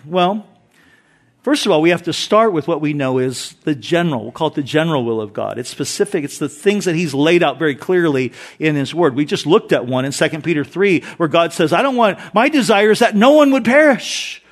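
A middle-aged pastor with a fairly high voice delivers a sermon from the pulpit. He moves between reading scripture and telling light, joking stories, keeping the congregation engaged. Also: brisk. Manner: animated storytelling with jokes and scripture reading.

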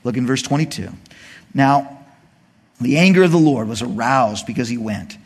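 A man preaching a sermon, retelling a scripture story as an animated, joking storyteller. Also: mid-range voice, moderate pace, husky. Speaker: pastor.

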